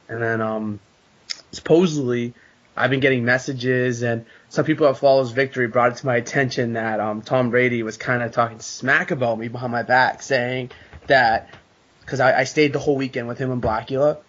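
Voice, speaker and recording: A man guest on a casual podcast, telling a story with animated, profane energy. His voice sits in an ordinary middle register. The recording is dull and lo-fi. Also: mid-range voice. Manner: animated storytelling, swears a lot. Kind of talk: casual chat.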